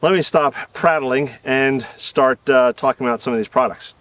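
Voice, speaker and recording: Rambling gardener, a bit off-mic outdoors. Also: male voice, medium pitch, moderate pace, a bit bright, distant mic. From Southern United States. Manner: rambling, self-deprecating, chuckles often. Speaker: gardening channel host. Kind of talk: casual outdoor video talk.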